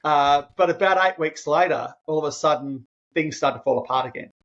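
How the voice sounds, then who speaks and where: A man's voice: fairly high pitch, fairly quick, dull audio. A man, a podcast guest telling a personal story in an earnest, emotional way and often restarting his phrases. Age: 50s. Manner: earnest, emotional, restarts phrases, animated when quoting himself.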